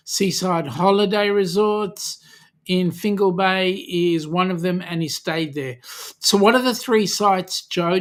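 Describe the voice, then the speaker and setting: Hosting a relaxed livestream, this Australian man has a high, somewhat bright voice. He goes through viewer comments with plenty of ums, chatting and lightly ribbing his audience.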